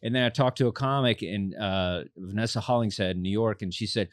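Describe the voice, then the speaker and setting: A man's voice: lowish voice, fairly quick, no echo, clean studio sound. A man from Texas, a comedian guest in a casual chat, talking in a loose, rambling way full of fillers. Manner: rambling, filler-heavy storytelling.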